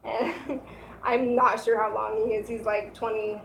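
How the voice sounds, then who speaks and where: A woman's voice: fairly high pitch, little pitch movement, a little slow, gravelly. A young woman telling a personal story in a casual, chatty way, laughing often and saying "like" a lot. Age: young adult. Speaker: vlogger. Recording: echoey room with faint noise.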